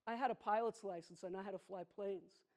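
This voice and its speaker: A woman, performing a personal storytelling monologue on a theatre stage, intimate and emphatic, slowing down on heavy moments. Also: medium pitch, darkish tone. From the Bronx, New York. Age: 60s. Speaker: solo performer.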